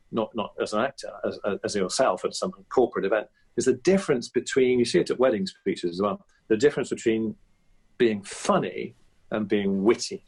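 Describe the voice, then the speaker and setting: Husky low-voiced man chatting. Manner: chatty, many restarts and fillers, reflective. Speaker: guest impressionist. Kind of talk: casual podcast interview.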